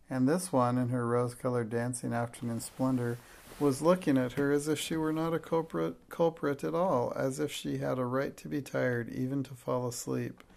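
Gravelly male audiobook narrator. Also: mid-range voice, a little mellow.

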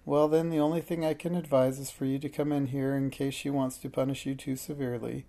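A reader voicing a kindly, busy grandmother in a storybook read aloud, with a gravelly, mellow voice. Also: mid-range voice, flat delivery, brisk, lightly acted. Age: older. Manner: warm, reassuring, slightly fussy. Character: kindly busy old grandmother baking a cake.

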